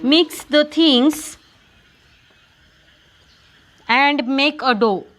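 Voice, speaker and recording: In a classroom, a female teacher speaking with a Marathi accent asks her questions over and over and spells out each word one letter at a time. She talks slowly in a high register, with a fairly bright tone.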